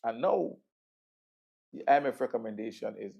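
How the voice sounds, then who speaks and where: Sardonic Vincentian talk show host. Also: male voice, mid-range voice, lively intonation, normal speed, gravelly, pauses often, breathy edge. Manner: sardonic, conversational, swings between loud and murmured. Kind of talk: political commentary.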